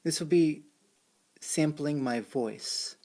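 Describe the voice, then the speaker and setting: A man's voice: fairly high pitch, takes it slowly, warm tone, no room sound. A man presenting at a tech talk, explaining a keyboard sampling demonstration step by step. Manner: explains step by step while working a keyboard and screen. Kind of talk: live technical demonstration.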